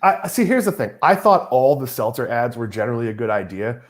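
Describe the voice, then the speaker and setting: Lively, wry middle-aged man hosting. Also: mid-range voice, a little fast. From Massachusetts. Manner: wry, teasing. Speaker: host. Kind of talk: casual chat.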